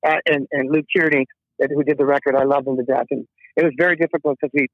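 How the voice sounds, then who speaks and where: A man's voice: mid-range voice, fairly even intonation, fast, dry recording. Heartfelt musician man on a tinny phone. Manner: rambling, heartfelt, many restarts. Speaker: musician guest. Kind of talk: emotional storytelling interview.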